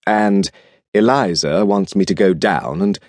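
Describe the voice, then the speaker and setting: A male audiobook narrator voicing a composed middle-aged antiques dealer who speaks in a dry, measured, understated way. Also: low-pitched, a little mellow, no room sound, pitched below the performer's own voice. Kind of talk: audiobook character reading.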